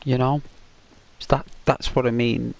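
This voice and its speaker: A man from the north of England chatting slowly with viewers while he plays a game, in a meandering, relaxed way. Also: mid-range voice, gravelly. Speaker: gaming streamer. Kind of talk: relaxed live gameplay commentary.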